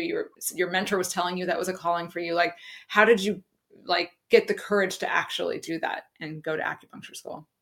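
Female host, interviewer, curious questions, somewhat low voice. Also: fairly bright tone. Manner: curious, encouraging listener.

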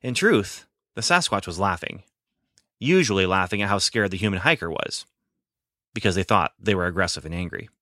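A man's voice: low-pitched, expressive, moderate pace, bright, forceful tone, dry recording. A man narrating an audiobook in a dry, wry storytelling manner.

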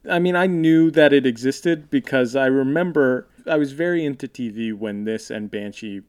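A man's voice: mid-range voice, moderate pace, clean tone. A man hosting a podcast, easygoing and asking his guests questions. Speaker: podcast host. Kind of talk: casual podcast chat.

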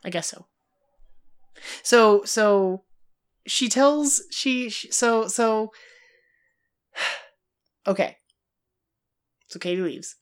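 Animated woman chatting about a film. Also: medium pitch, extremely slow, long pauses, smooth. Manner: animated, acts out quoted lines, laughs often. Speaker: podcast co-host. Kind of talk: casual film discussion.

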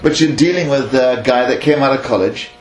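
A man from Kenya in his sixties, an animal handler telling stories in a lively, laughing way and acting out bits of dialogue. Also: medium pitch, a little fast, faint music behind. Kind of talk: casual interview storytelling. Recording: echoey room with mains hum.

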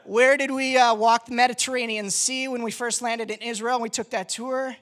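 Woman pastor, casual sermon, animated, joking, fairly high voice, talkative. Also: moderate pace.

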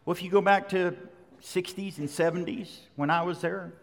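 A man's voice: high voice, steady tone, normal speed, vocal fry. A middle-aged man preaching a sermon, conversational yet emphatic, driving points home with repetition. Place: large church sanctuary. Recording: long hall reverb.

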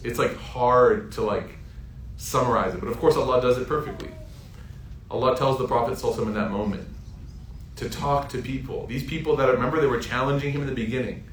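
In a roomy, echoing space, a thirtysomething Islamic preacher tells stories through a heartfelt sermon, rising to emphatic peaks. He talks fairly quickly at a medium pitch, and a little hiss or hum runs under the recording.

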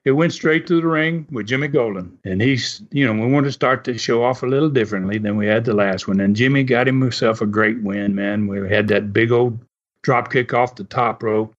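A man's voice: mid-range voice, normal speed. An older man and former wrestler telling folksy stories in an interview, often chuckling as he talks. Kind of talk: storytelling interview. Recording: muffled recording.

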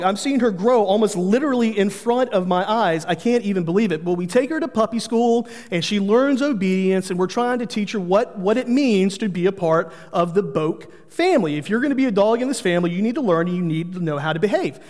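High-voiced pastor preaching in a reverberant hall. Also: male voice, lively intonation, brisk. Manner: earnest, storytelling with humor. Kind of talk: sermon.

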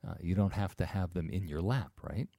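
A man hosting an interview, chatting in a relaxed, conversational way. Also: low-pitched, a little fast, no echo. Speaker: interview host. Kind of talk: radio interview.

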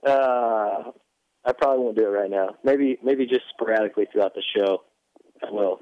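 A man's voice: on the low side, normal speed, highs cut off. A man co-hosting a casual podcast chat, talking in a wry, joking, loosely rambling way. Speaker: podcast co-host.

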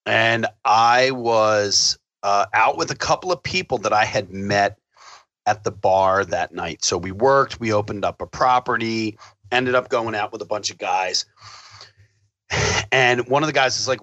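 Man, casual storyteller, swears freely and acts out quotes, bright forceful voice, dry sound. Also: lowish voice, measured pace, no room sound, highs cut off. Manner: profane, animated storyteller acting out quotes.

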